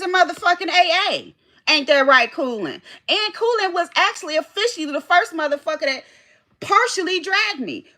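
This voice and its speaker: A woman talking on her own livestream in a high, bright voice. She rambles casually and swears often, calling out viewers by name and losing her thread now and then. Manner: chatty, rambling, reads chat aloud, swears freely. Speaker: livestream host.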